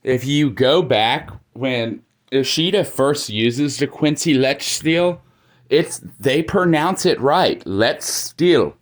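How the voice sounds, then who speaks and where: A man's voice: medium pitch, slow. A man giving casual, opinionated commentary in a video, talking in a chatty way full of "like" fillers.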